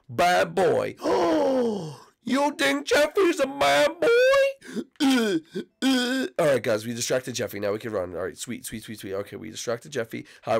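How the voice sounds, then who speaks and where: A sick man with a gravelly, creaky voice talks through a video game. He is excitable and rambling, and his voice sounds worn down by his cold. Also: on the low side. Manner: excitable, rambling, shouts out to friends. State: sick, coughing. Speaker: YouTube gaming host. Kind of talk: Minecraft gameplay commentary.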